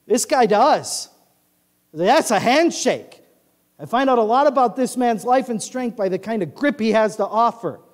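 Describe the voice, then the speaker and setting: Male pastor, animated high-voiced sermon delivery, booming church-hall echo. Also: unhurried. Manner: animated, swings from quiet asides to loud declarations. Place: large church sanctuary.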